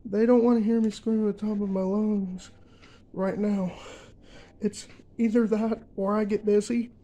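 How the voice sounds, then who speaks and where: A young man ranting in a vlog, emphatic and repetitive, filling pauses with uh and um. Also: sits high, level tone, mellow, poor audio. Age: young adult. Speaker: vlogger.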